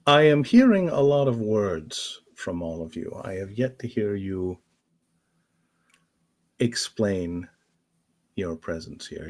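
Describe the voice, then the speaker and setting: Man doing a poised woman leader, measured questioning, gravelly husky voice, tabletop game. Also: sits low, a little mellow, heavily acted. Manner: measured, coolly interrogating.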